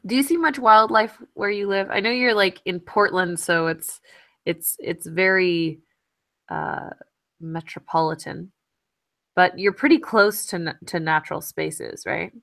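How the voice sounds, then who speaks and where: A woman co-hosting a science podcast, chatting in an enthusiastic, playful way with quick laughs. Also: fairly low pitch, gravelly, fairly bright tone. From California, USA. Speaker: podcast co-host. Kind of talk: casual chat.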